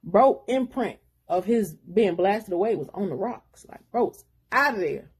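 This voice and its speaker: Husky woman casually recapping a book. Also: medium pitch, lively intonation, unhurried, a little mellow. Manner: rambling retelling with slangy asides. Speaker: book reviewer.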